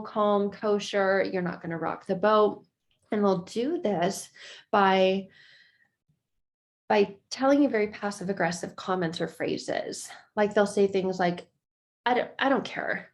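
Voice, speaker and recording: A woman speaking earnestly to camera in an advice video, now and then acting out quick quoted exchanges. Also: mid-range voice, a little mellow. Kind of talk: talking-head advice video.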